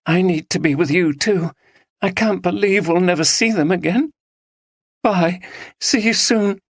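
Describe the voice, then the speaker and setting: A narrator voicing a shaken but determined young woman, earnest and steady. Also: medium pitch, unhurried, dry recording, studio quality, pitched above the performer's own voice. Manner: earnest, resolute.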